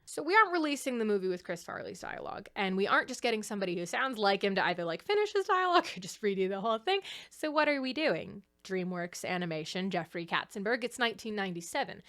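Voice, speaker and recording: A young woman hosting a casual commentary video essay, chatty and animated, laughing often. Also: mid-range voice, fast talker, few pauses.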